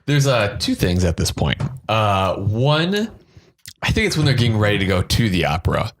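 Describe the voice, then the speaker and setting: A man's voice: fairly low pitch, very animated, moderate pace, a little hiss or hum. A man co-hosting a movie podcast, talking in a laid-back way and quoting film dialogue. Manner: laid-back, quotes dialogue, looks things up. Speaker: podcast co-host. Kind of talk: casual film review chat.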